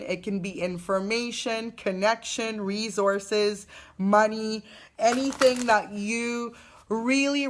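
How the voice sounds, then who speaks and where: A woman, a young adult mother, gives a live spiritual card reading to viewers in a gentle, affirming way, with many fillers and restarts. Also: medium pitch.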